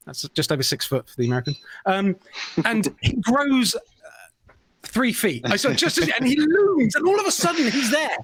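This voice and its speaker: A man's voice: very high-pitched, a bit bright, dry recording. A man on a podcast, a self-mocking storyteller who acts out what people said in a casual chat. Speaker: podcast co-host.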